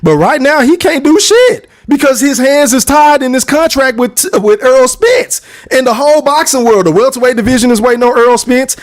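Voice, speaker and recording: A man's voice: very high-pitched, expressive, normal speed. A man hosting a podcast, delivering a profane, emphatic boxing rant and repeating lines for effect. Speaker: podcast host.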